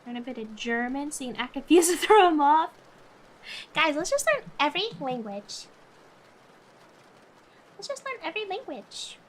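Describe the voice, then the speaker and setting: A young woman streaming late at night, chatting casually with viewers, tired but giggly and animated. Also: high-pitched, moderate pace, slight background noise. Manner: giggly, animated, often laughs.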